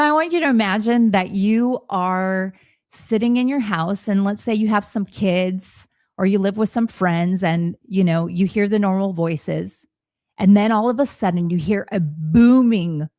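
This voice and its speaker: A woman's voice: mid-range voice, lively intonation, unhurried, darkish tone, no room sound, studio quality. A woman in her forties hosting a podcast, speaking to listeners in an earnest, encouraging coaching talk from a home office.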